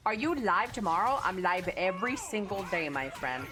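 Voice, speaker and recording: A woman livestreaming a game, talking crudely to her chat and yelling at her teammates. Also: medium pitch, big pitch swings, normal speed. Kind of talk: live gaming stream chat.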